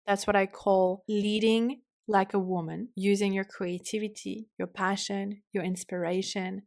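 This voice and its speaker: A woman hosting a solo podcast, talking passionately and swinging from fired up to soft and calm, swearing casually. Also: medium pitch, a little slow, gravelly. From French-speaking. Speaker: podcast host.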